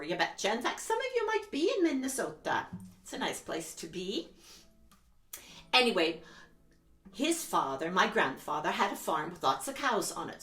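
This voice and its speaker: A woman children's musician leading an interactive sing-along, cheerful and teacherly, coaxing the audience to join in. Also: fairly low pitch. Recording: roomy sound with loud guitar.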